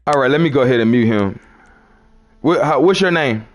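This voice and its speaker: With a New Orleans accent, this live-stream preacher talks casually, says things more than once, and addresses listeners as son and brother. His mid-range voice is expressive and a little fast.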